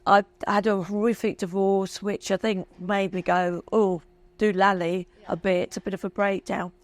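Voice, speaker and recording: A woman's voice: medium pitch, level tone, moderate pace, no echo. A woman in her fifties, a guest talking candidly and emotionally, chatty and self-mocking. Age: 50s. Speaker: interview guest. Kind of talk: candid chat.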